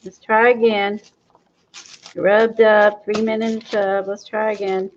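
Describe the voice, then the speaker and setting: A woman hosting a craft livestream, chatting excitedly to her viewers as she works. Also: medium pitch, a little slow, slight background noise. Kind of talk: casual livestream demo chat. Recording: dull lo-fi livestream audio.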